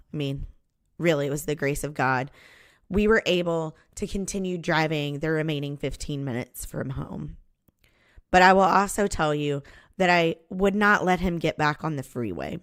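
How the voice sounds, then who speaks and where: A woman's voice: sits low, no room sound, clean studio sound. Candid woman telling a personal story. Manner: candid, confessional, with restarts. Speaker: podcast host.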